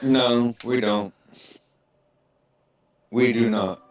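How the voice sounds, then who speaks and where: A man's voice: medium pitch, steady tone, soft background music. A man from Illinois in a casual chat, agreeable and swearing now and then. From East Central Illinois, USA. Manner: agreeable, quick "right" replies, swears.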